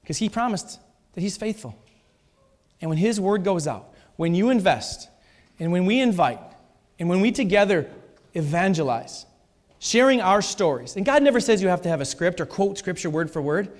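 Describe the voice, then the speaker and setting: A man's voice: high voice, expressive, normal speed. A man preaching a sermon in a church, emphatic and repeating his key phrases. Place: church sanctuary. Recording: long reverb of a church hall.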